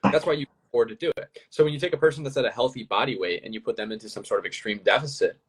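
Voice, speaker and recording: A man's voice: mid-range voice, rapid-fire, slightly rough, rough recording. A man co-hosting a casual live stream, explaining things in a plain, instructive way and often checking in with "right?".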